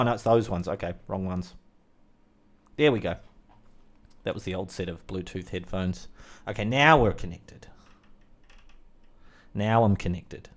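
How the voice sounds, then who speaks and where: A man's voice: on the low side, a bit bright. A man streaming on his own, rambling through a casual monologue with crude jokes, fillers and side remarks. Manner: crude, joking, full of fillers and asides.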